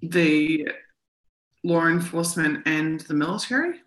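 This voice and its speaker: A woman co-hosting a live stream reads official text aloud and then comments on it, analysing the documents. Her voice is low-pitched and a little slow, recorded with a roomy echo.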